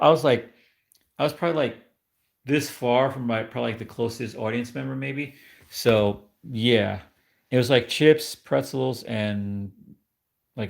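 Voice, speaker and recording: A man's voice: mid-range voice, lively intonation, normal speed, gravelly. A man from New York rambling in casual chat with viewers on his live stream, often laughing at himself.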